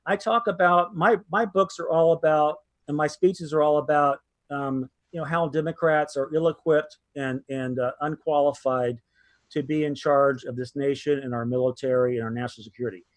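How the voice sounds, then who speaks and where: A man's voice: on the high side, fairly even intonation, normal speed, no echo. A man telling a story as an interview guest, emphatic, with frequent restarts. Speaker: guest, former military aide.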